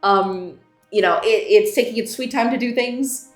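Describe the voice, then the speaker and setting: A woman's voice: a little high, moderate pace, roomy sound, faint music behind. A woman streaming her game development, chatting casually with frequent giggles and restarts. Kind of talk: casual live-stream chat.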